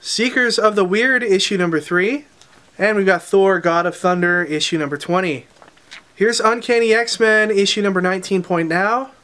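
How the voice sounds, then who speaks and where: A man with a notably high voice runs through the week's comic arrivals in a casual unboxing style. He lists the releases one after another at a brisk clip and drops in short offhand comments between titles. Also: bright, forceful tone. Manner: brisk title-by-title listing with quick asides. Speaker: comic shop host presenting new releases.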